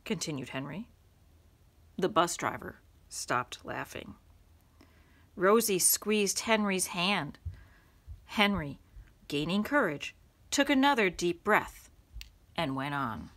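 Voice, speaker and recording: A woman reading a children's storybook aloud to young listeners, in an expressive storytelling manner. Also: on the low side, slow pace, long pauses.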